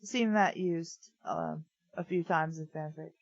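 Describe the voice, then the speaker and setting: This woman co-hosts a comedy reading show, reading fanfiction aloud and riffing on it bluntly and sarcastically, with lots of swearing. Her voice is low and unhurried, recorded lo-fi with no echo.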